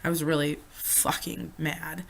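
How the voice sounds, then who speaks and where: A woman's voice: deep voice, flat delivery, measured pace, creaky. A young woman chatting through a storytime vlog, swearing freely and losing her train of thought. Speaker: vlogger.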